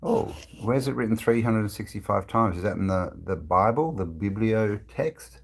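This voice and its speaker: A man's voice: lowish voice, lively intonation, normal speed, gravelly, slightly rough. A man hosting a casual live stream, reading viewers' comments aloud and rambling with many fillers and restarts. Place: indoors, travelling.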